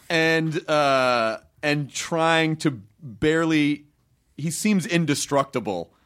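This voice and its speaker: A man's voice: fairly high pitch, takes it slowly, a bit bright, smooth. A man hosting a podcast, asking questions in a playful, enthusiastic way. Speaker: podcast host. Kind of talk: casual podcast interview.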